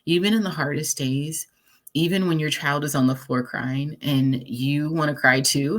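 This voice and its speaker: A deep-voiced woman, a life coach, gives a recorded presentation meant to encourage. She's earnest and conversational, reading affirmations aloud with an occasional repeat or filler word.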